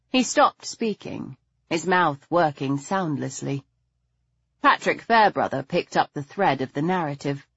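A woman narrating an audiobook in a poised, even storytelling manner. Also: deep voice, measured pace, vocal fry, breathy edge, no echo, lo-fi sound. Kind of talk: audiobook narration of a period mystery.

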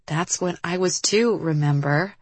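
A woman's voice: on the low side, a little slow, husky, no room sound. A woman voicing a young woman, a former runaway, speaking hesitantly and carefully. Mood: guarded.

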